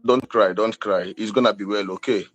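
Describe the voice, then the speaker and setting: A man's voice: fairly low pitch, steady tone, brisk, highs cut off, soft background music. Consoling man on a video call. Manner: effusive, consoling, repeats himself.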